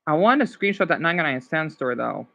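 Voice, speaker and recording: A man's voice: a little high, very animated, quick pace, vocal fry, pushed and bright, lo-fi sound. A man from Arizona, chatting casually with livestream viewers in a rambling, emotional, apologetic way. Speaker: livestream host.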